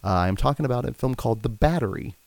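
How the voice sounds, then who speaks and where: A man's voice: mid-range voice, expressive, fast, vocal fry, no room sound. A man hosting a podcast who chats casually about films and steers the conversation along. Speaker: podcast host. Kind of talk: casual film chat.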